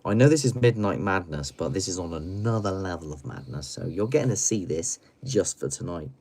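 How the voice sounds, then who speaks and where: A man hosting a late-night live stream from home, chatting in a rambling, giggly, playful way, swinging between loud bursts and mumbles. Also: deep voice, lively intonation, brisk, slight background noise. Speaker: livestream host.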